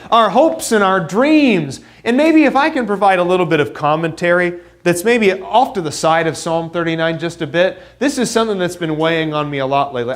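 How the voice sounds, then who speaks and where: Man, young adult, church sermon, earnest and emphatic, high-pitched, very lively intonation. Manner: earnest, rising to emphatic, with self-deprecating asides. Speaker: preacher.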